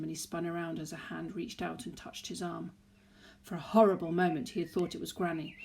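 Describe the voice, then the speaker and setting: Woman reading a children's novel aloud. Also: lowish voice. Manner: expressive, storytelling. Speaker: narrator.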